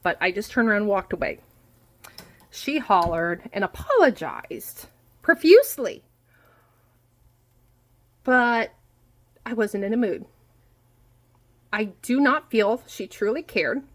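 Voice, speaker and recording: A woman in her forties venting in a casual monologue, blunt and quick to swear, repeating herself for emphasis. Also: medium pitch, lively intonation, poor audio. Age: 40s. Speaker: vlogger. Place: home kitchen while food cooks. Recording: faint frying noise behind. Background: food sizzling in a pan.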